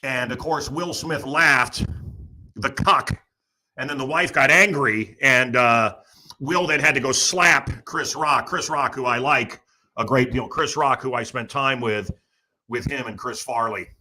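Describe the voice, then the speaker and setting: A man's voice: fairly high pitch, pushed and bright. A man hosting a talk show, delivering a sarcastic, ranting comedic monologue full of mocking asides. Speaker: radio show host.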